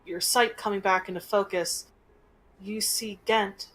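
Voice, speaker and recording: A woman game master narrating a tabletop game in a slow, gentle storytelling manner. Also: medium pitch, steady tone, slight background noise, poor audio.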